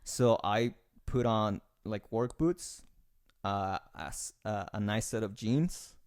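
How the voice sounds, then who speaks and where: A man's voice: on the low side, slow, darkish tone, clean tone, no echo, clean studio sound. Rambling, teasing man podcast host. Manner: rambling storyteller, teasing, frequent restarts. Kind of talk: casual chat.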